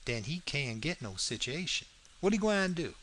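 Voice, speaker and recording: A man's voice: fairly high pitch, very animated, normal speed, fairly bright tone. A man reading the part of a stubborn, plain-spoken grown man in a storybook, with a heavy rural dialect and a blunt, argumentative way of talking. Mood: puzzled.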